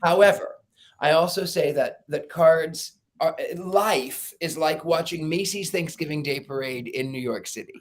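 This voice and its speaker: A man with a fairly high voice talks a little slowly as a psychic guest in an informal interview. He's an animated storyteller, acting out quoted voices and laughing.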